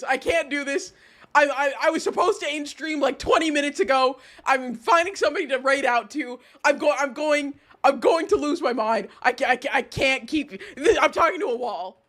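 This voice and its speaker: A livestreamer chatting casually with viewers, excitable and exasperated, dropping to low mutters and then jumping to high outbursts. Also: moderate pace.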